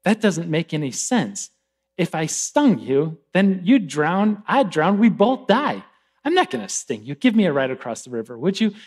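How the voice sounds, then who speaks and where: A pastor voicing a sly, coaxing male scorpion in a fable he tells, speaking low and hushed. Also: big pitch swings, normal speed, breathy edge.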